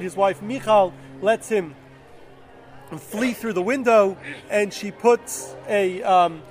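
A man casually retelling a Bible story, with fillers and self-corrections. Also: high voice.

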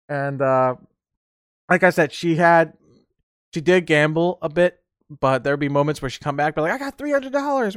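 A man's voice: mid-range voice, no echo, clean studio sound. A man hosting a solo podcast, telling casual stories and rambling, often repeating and restarting his words. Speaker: podcast host.

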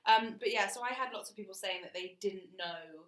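A woman co-hosting a podcast, telling stories frankly and in an animated way, often laughing. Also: mid-range voice, brisk, reverberant, low-quality recording. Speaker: podcast co-host. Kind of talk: casual chat.

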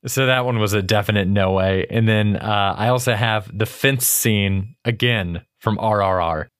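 A man's voice: on the low side, moderate pace, fairly bright tone, clean tone. A man co-hosting a podcast in casual movie chat, laid-back and joking, with frequent swearing. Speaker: podcast co-host.

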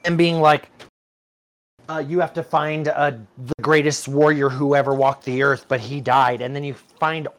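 A man guesting on a casual gaming podcast, speaking in an animated, opinionated way. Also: on the high side, moderate pace. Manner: animated, opinionated fan talk. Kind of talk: casual chat.

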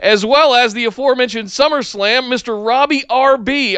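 A man hosts a casual podcast chat, pitching his plugs in an upbeat tone with a few "uh" fillers. His voice sits high for a man and sounds smooth and clear. The recording is dry, with no room echo. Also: moderate pace, few pauses, pushed and bright. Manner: upbeat promotional plugs with frequent "uh". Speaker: podcast host.

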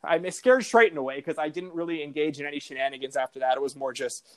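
A man's voice: on the high side, fast talker. A young adult man on a podcast, telling a story casually and rambling, with many fillers and quoted asides. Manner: rambling, lots of "like" and "I'm like" quotes. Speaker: guest, sports betting editor.

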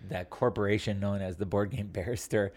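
A man co-hosting a casual podcast, telling an animated story with acted-out quotes, swearing and laughing often. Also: lowish voice, a little fast, dry recording. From Wisconsin, USA. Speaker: podcast co-host.

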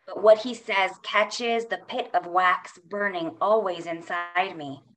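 A middle-aged woman poet gives a poetry reading in a lowish voice. She takes her time over every line, measured and unhurried, with soft pauses between phrases. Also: fairly even intonation.

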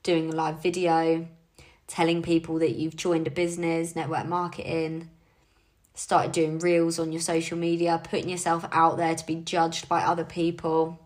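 A woman's voice: deep voice, monotone, moderate pace, a little mellow. A young woman leading her team in a casual motivational talk, chatty and encouraging, with frequent fillers. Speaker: team leader.

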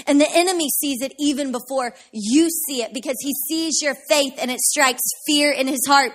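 A woman pastor preaching a sermon with passion, building up to shouted declarations of faith. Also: sits high.

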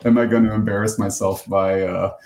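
American man with a low, roomy voice. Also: flat delivery, a little mellow. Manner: self-deprecating, halting with fillers. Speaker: podcast co-host. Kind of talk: casual chat. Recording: roomy echo.

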